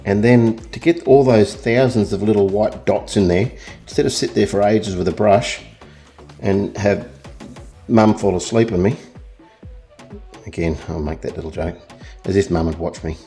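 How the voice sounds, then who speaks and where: A middle-aged Australian man giving a relaxed, rambling painting lesson, talking as he works and joking at his own expense. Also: lowish voice, moderate pace, long pauses, soft background music. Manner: rambling, self-deprecating, chatty. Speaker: art tutor. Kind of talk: real-time painting tutorial.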